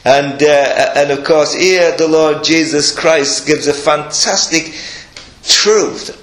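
Older guy preaching, earnest and emphatic, little chuckles, slightly high voice, roomy echo. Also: a little slow, fairly bright tone. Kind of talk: sermon. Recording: echoey room.

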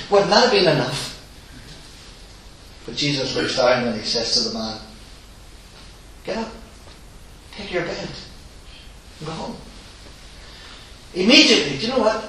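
A man preaching a sermon in a church, telling the story with animated acted-out voices. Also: on the high side. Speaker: visiting preacher. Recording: roomy echo, distant mic, faint hiss.

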